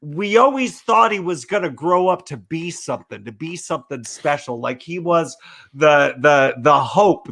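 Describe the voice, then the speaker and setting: Slow-talking bright-voiced man. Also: fairly high pitch. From California. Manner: deadpan joking storyteller. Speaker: podcast co-host. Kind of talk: casual chat with a comic tall tale.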